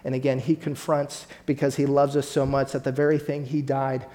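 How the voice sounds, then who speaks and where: A man's voice: medium pitch, level tone, brisk, warm tone. A man as pastor, preaching a sermon and speaking directly to his congregation with rising emphasis.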